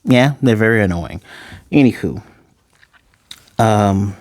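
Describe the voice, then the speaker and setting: A man casually reviewing an anime episode, joking asides and quickly paraphrasing the characters' lines. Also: on the low side, lively intonation, a little mellow, dry recording, clean studio sound. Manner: chatty, joking asides, paraphrases scenes in quick quoted voices. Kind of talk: casual spoken episode recap.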